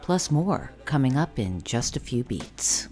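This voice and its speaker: Woman, podcast host, extremely deep voice, scripted intro, light music underneath. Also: big pitch swings. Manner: measured, read from a script.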